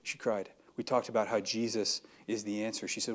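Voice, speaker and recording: A man's voice: on the low side, level tone, a little fast, few pauses. A young adult man giving an earnest, conversational sermon, acting out everyday dialogue as he speaks. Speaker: preacher.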